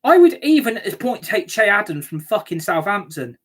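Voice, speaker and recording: Husky, ranting woman. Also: mid-range voice, big pitch swings, moderate pace. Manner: angry, sweary and scornful. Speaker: football fan reacting to a match. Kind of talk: ranting reaction video.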